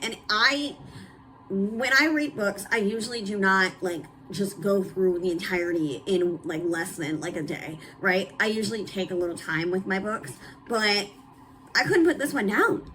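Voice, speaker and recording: Bright-voiced, blunt young woman. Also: mid-range voice, slight background noise, rough recording. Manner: blunt, emphatic and candid, with frequent "like" and "um". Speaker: book reviewer. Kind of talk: casual book review chat.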